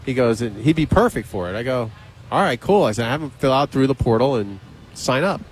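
A male radio host in casual on-air banter, spinning a backstage yarn. He slips into a higher voice for the people he quotes, with a mid-pitched, ordinary tone. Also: fairly quick, poor audio. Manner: animated storyteller, acts out quotes with raised pitch.

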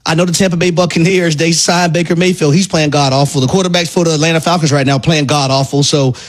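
Emphatic sports radio co-host. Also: male voice, fairly high pitch, fairly even intonation, quick pace. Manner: emphatic, repeats words for stress. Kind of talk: sports talk radio analysis. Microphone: studio mic.

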